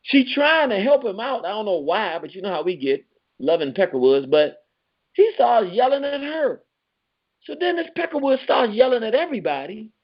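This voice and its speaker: Excitable D.C. man hosting lo-fi radio. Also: moderate pace. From Southeast Washington, D.C. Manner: excitable, pitch leaps up when telling the story; streetwise slang, repeats words while searching. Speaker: radio show host. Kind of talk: animated storytelling monologue.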